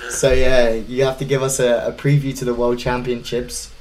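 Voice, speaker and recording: A man's voice: mid-range voice, flat delivery, moderate pace, a little mellow, slight background noise, low-quality recording. A man hosting a podcast interview, asking questions in a casual, easygoing way. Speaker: podcast host.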